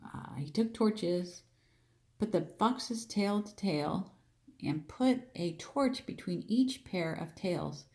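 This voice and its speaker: A woman with a warm, medium-pitched voice and lively intonation teaches a Bible story slowly. She reads verses and chats through them casually, restarting and repeating phrases and acting out the figures' lines with emphatic lifts.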